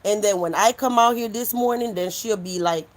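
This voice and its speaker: A woman's voice: medium pitch, moderate pace. A woman hosting a casual livestream, talking bluntly and with lots of swearing. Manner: blunt, animated, profane. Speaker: livestream host.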